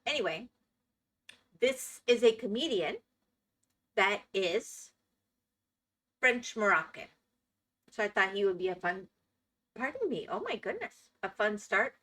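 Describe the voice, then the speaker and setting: A woman's voice: medium pitch, takes it slowly, long pauses, sharp tone. A woman streaming live, chatting playfully and laughing as she reacts to videos. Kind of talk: casual live-stream chat.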